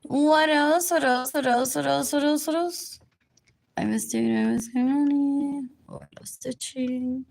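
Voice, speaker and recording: A woman's voice: high-pitched, steady tone, unhurried, gravelly, darkish tone. A woman rambling through a livestream monologue, drifting between topics and repeating herself.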